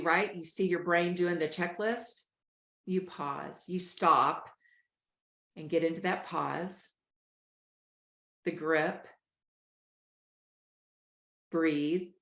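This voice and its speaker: A woman coaches listeners through a breathing exercise at a calm, steady pace. Her voice sits a little low. The recording has a roomy echo. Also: takes it slowly, pauses often. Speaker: host, life coach. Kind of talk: guided breathing instruction.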